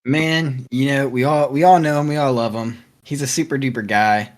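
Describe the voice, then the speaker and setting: A man's voice: medium pitch, steady tone, normal speed. A man co-hosting a video game podcast, joking and hyping things up playfully. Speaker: podcast co-host. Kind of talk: casual chat.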